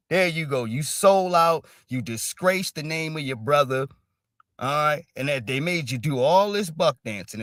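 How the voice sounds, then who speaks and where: A man's voice: fairly high pitch, fairly bright tone, dry recording, studio quality. Blunt emphatic male commentator. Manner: emphatic, profane, repeats "all right" constantly. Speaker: stream commentator. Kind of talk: casual livestream commentary.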